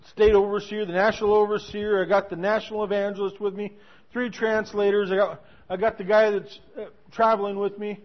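A man with a notably high voice delivers a sermon as a lively story. He keeps restarting his sentences. The recording sounds dull and lo-fi. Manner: animated, with many restarts. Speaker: preacher.

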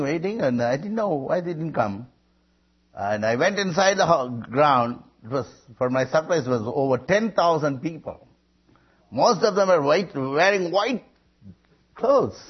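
A preacher man tells his testimony with a lively, swooping delivery. His voice is husky and sits a little high. The recording is dull and lo-fi. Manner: animated storytelling with calls to the congregation. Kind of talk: sermon testimony.

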